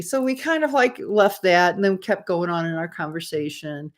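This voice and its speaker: A woman in her fifties coaches her viewers on dating by telling her own story. She speaks in a rather low voice that swoops up and down a great deal. Her talk is loose and rambling, full of restarts and quoted lines. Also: expressive, moderate pace. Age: 50s. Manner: chatty, rambling, acts out quoted dialogue. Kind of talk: casual advice storytelling.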